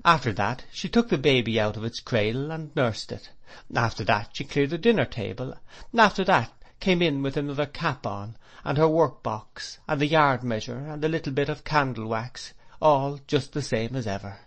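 Man gently reading a classic novel. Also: medium pitch, lively intonation, normal speed. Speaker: audiobook narrator. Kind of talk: scripted narration of a classic novel.

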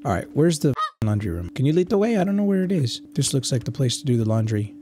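A man's voice: mid-range voice, sing-song, quick pace, warm tone, a little hiss or hum. A man in his thirties doing let's-play commentary, joking and swearing, with Spanish slang thrown in. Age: 30s. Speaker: gaming YouTuber.

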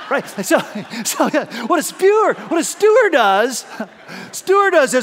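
A male pastor giving a sermon, lively storytelling with questions to the congregation. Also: very high voice, slow, pauses often, long reverb tail. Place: church auditorium.

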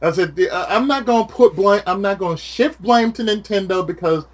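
A man's voice: high voice, a little fast. A man chatting casually with a friend, ranting with lots of swearing. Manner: profane, ranting, animated. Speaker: channel host.

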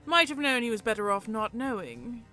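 A proud, scheming peacock, as a woman plays him spins a tale in a haughty voice, lifted a little in pitch and volume. Faint music hums behind him. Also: very animated, normal speed, bright, forceful tone. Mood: storytelling.

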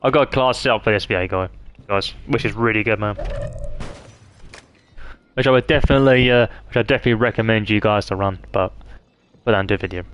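A man's voice: lowish voice, fast, pauses often, a bit bright, a little hiss or hum. A man giving profane, trash-talking commentary while streaming a game live.

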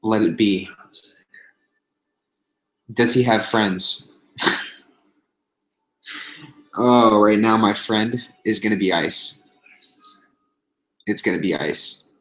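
A man's voice: on the low side, drawn-out words, pauses often, a bit bright. A man hosting a casual livestream for his viewers while in pain from a burned hand, groaning, sighing and swearing between remarks. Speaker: vlogger host. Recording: echoey room, faint noise.

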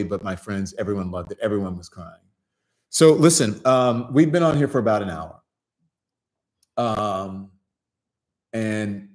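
A man's voice: on the low side, darkish tone. A man hosting a casual live show, chatting in a loose, rambling way and answering viewer comments. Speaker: host. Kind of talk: casual livestream chat.

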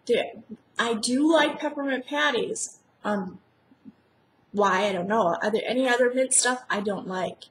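A woman's voice: a little high, a little slow, roomy sound, a little hiss or hum, low-quality recording. A woman vlogger chatting casually and gushing as she unboxes a package.

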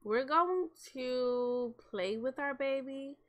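A young woman gives relaxed game commentary into a desk microphone. Her voice sits a bit high and sounds bright, and she takes her time. She talks straight to her viewers. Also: takes it slowly, muffled recording. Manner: chatty, talks to viewers as "y'all". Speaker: gameplay commentator.

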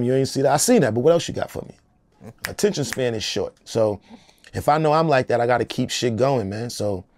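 A man's voice: medium pitch, creaky, darkish tone, no echo. A middle-aged American man, a rapper in an interview, talking in a loose, emphatic, streetwise way. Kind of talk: casual interview talk.

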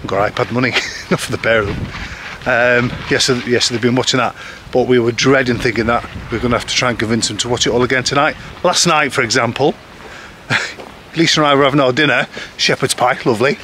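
Man, expat vlogger, everyday mid-pitched voice, loose chatty delivery, recorded outdoors over traffic noise. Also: fairly even intonation, quick pace, pushed and bright. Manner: chatty, self-deprecating, lots of ums. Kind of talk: casual rambling chat to camera. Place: outdoors in a village.

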